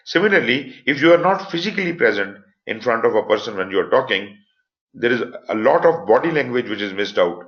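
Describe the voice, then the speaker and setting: Male instructor, Pakistani accent, explanatory online lecture voice, medium pitch, muffled web audio. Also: animated, fairly quick. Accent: Pakistani English. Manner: explanatory, stresses points with voice inflections. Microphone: computer mic for online class.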